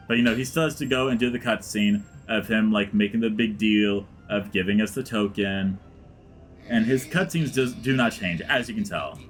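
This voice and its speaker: A man's voice: on the low side, fairly bright tone. A man giving casual gameplay commentary as a let's play gamer, rambling with many fillers and dropping into mutters. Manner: rambling, heavy use of like, dips into mutters.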